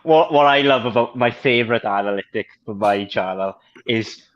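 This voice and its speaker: A man's voice: medium pitch, normal speed. A man with a Welsh accent talks casually in a group video call. He chats freely and laughs easily. His voice sits mid-range, and the audio is a little dull and lo-fi. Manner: chatty, laughs readily. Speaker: panelist. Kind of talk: casual chat. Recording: slightly muffled lo-fi audio.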